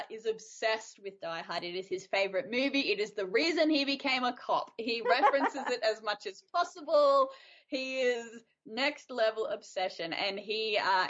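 A woman co-hosting a casual chat, retelling a story in an animated way with frequent giggles. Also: on the high side. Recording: dull lo-fi audio.

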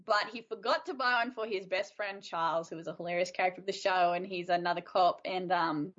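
A woman co-hosting a casual chat, retelling a story in an animated way with frequent giggles. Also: fairly low pitch, brisk. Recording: dull lo-fi audio.

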